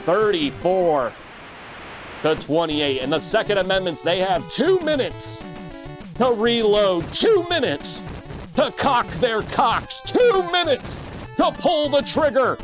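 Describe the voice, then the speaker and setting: A man calls play-by-play for a video game football match in a high, very lively voice that jumps up into shouts on big plays. His delivery is comedic and crude, full of quick jokes. Music plays clearly in the background. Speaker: play-by-play commentator.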